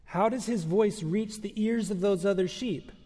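A male pastor preaching a sermon with emphatic, measured delivery, rhetorical questions and dramatic pauses. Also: high voice, warm tone, slightly rough, in a large hall.

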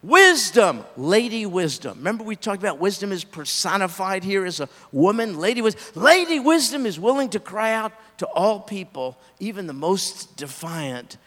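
A man preaching a sermon as pastor, with an emphatic delivery that swings between loud peaks and quiet drops. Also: fairly high pitch, very animated, moderate pace, few pauses, long reverb tail.

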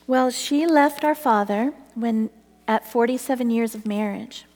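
A middle-aged woman tells a personal faith testimony in a hall with echoing sound, speaking earnestly and breaking into laughter as the story builds. Her voice is a little high, a little slow, and a little mellow.

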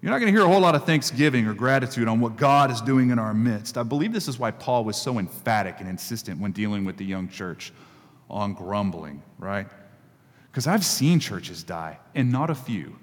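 A man's voice: lowish voice, expressive, normal speed. Guy preaching a sermon, chatty, repeats lines for emphasis, big echoey church. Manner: conversational, repeats key phrases for emphasis. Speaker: pastor.

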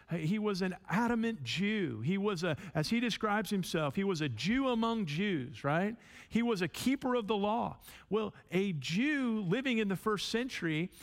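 A man teaching a sermon in a conversational way, often repeating words and checking in with his listeners. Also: high voice. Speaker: pastor.

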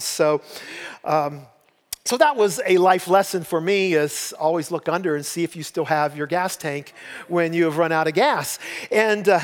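An older pastor preaches, winding through homespun stories with a folksy, self-mocking humor. His voice sits high for a man. The sound rings with the long reverb of a large church hall. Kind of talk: sermon with personal storytelling. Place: church sanctuary.

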